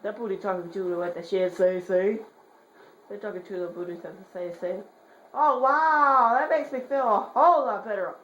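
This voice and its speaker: A woman's voice: mid-range voice, dull audio. Profane woman gamer, roomy sound. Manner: profane, swears in rapid repeated bursts; jokey, mutters quietly between outbursts. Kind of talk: horror game commentary. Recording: roomy echo, faint hiss.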